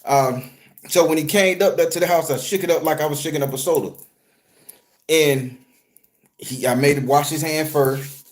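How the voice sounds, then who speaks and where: A man who works as a spiritual reader, telling a story to his viewers in an animated, profane, conversational way. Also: on the high side, moderate pace, long pauses. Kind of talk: storytelling vlog.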